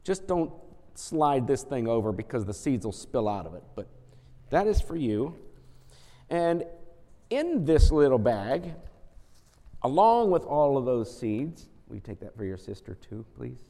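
A man leading a children's message during a church service, talking gently and coaxingly as he tells a story to the kids. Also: medium pitch, big pitch swings, unhurried. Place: church sanctuary. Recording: church service audio with long hall reverb.

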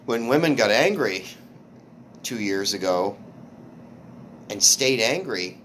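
A man hosting a casual podcast chat, telling stories haltingly with restarts and swearing. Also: on the low side, expressive, background noise. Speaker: podcast host, comedian.

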